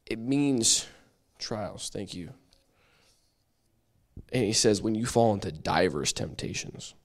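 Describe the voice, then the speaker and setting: A man leads a church Bible study in a lively, conversational way, acting out little quoted voices as he explains. His voice is lowish, and he speaks slowly with long pauses.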